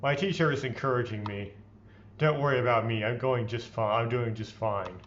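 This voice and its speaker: A man's voice: medium pitch, normal speed, fairly bright tone, highs cut off, slight background noise. A man hosting a let's play, reading visual novel text aloud in a playfully theatrical way and adding his own comments.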